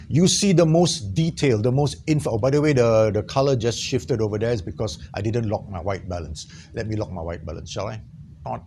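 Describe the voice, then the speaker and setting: A man teaching an on-camera tutorial in a small studio, lively and jokey, checking in with his viewers often. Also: medium pitch, a little hiss or hum. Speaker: trainer.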